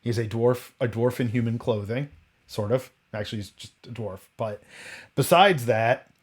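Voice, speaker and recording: A man's voice: mid-range voice, normal speed, slightly rough. A man hosting a casual roundtable chat, rambling through tangents and rhetorical questions and often restarting and correcting himself. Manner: frequent restarts and self-corrections.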